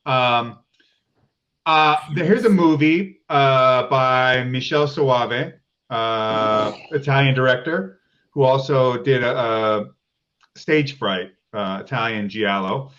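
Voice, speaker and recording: A man in casual chat, a relaxed and wry film buff laying out obscure movie details. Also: mid-range voice, takes it slowly, dull audio. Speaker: guest.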